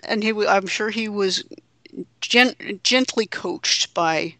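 A woman's voice: mid-range voice, takes it slowly, pushed and bright, no echo. A woman co-hosting a casual wrestling podcast, wry and teasing. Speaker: podcast co-host.

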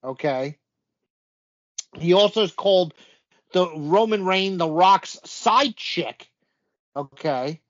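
A man's voice: high-pitched, animated, slow, pauses often. A man co-hosting a casual wrestling chat, recapping events in a rambling way with lots of fillers. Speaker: podcast co-host. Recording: dull lo-fi audio.

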